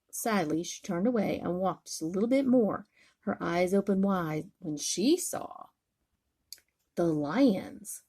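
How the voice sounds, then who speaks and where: An older woman, a grandmother, gently reading a bedtime story aloud in a soothing way. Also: fairly low pitch, a little slow, creaky, breathy edge.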